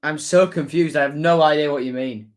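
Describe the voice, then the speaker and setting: Speaking fairly quickly in a higher-side voice, a young football fan runs a relaxed livestream. He chats along, reads viewers' comments aloud, and tosses in joking remarks.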